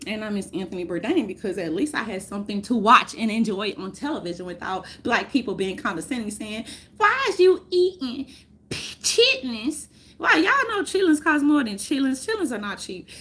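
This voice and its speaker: A woman vlogging in a casual, rambling rant, swearing often, laughing, and swinging between loud outbursts and mutters. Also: medium pitch, animated, brisk, few pauses. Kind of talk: casual chat.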